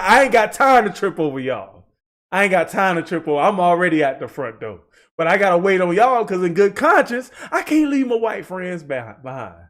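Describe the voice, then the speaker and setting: A man riffs through casual reaction commentary in a high voice that leaps all over the place. He jokes and rambles in loose asides. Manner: animated, joking, rambling asides. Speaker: reaction video host.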